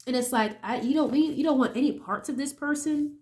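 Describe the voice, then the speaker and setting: Her voice sits high, with a darkish tone and a brisk delivery, as this young woman does a laid-back tarot reading while still sniffly from a cold. Chatty throughout, she swears offhandedly and often checks in with "okay?".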